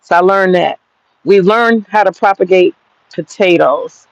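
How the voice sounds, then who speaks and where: Excitable woman gardening. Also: fairly low pitch, measured pace, no room sound, highs cut off. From Georgia, US. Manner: excitable, chatty, swears freely. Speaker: gardening vlogger. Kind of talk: casual outdoor vlog. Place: outdoor home garden.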